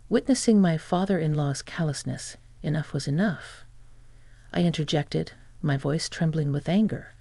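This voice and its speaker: Gravelly, flat text-to-speech story narrator. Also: female voice, deep voice, normal speed, dry recording.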